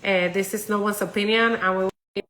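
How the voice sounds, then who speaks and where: Bright-voiced stuffy woman hosting a stream. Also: medium pitch, fairly even intonation, brisk. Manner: chatty, upbeat, many fillers. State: stuffy-nosed from a cold. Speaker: real estate agent hosting a live stream. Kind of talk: casual live-stream talk.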